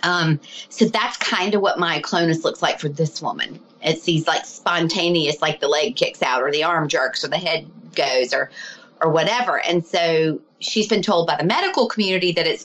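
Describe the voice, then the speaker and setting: A woman with a slightly low voice talks as a guest healer in a relaxed interview. She tells her stories in an animated, chatty way, with lots of "you know" and "like" fillers. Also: normal speed, a little hiss or hum, poor audio. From lives abroad, not local. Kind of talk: casual storytelling interview.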